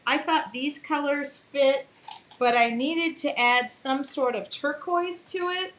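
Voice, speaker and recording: Chatty art teacher lady doing a live demo, kinda high bright voice, greets everyone by name. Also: takes it slowly, slight background noise, rough recording. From Michigan. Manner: chatty, greets viewers by name, apologetic asides. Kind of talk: casual live painting demo.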